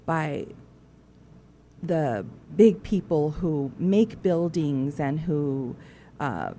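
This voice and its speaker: A woman's voice: sits low, lively intonation, extremely slow, dark tone, slight background noise. A woman, a museum director speaking as a guest on a radio interview.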